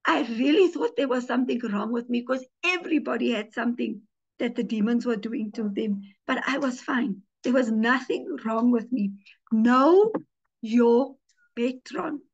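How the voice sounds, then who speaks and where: A woman's voice: on the high side, moderate pace, breathy edge, highs cut off. A woman pastor, teaching a sermon through personal stories and acting out the voices of people she quotes. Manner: animated storytelling, acts out quoted voices.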